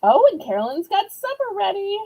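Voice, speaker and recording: A woman with a Southern accent hosts a live online auction, chatty and upbeat as she shows off items and playfully sings out the prices. Her voice is very high-pitched and mellow, with big pitch swings and a slightly fast pace. The recording quality is low.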